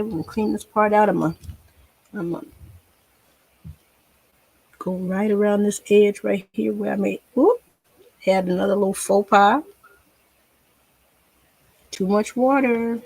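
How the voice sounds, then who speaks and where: A woman's voice: medium pitch, normal speed, vocal fry, pauses often, darkish tone, breathy edge, no room sound. A woman, chatting folksily to viewers and herself while teaching a painting tutorial. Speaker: painting instructor.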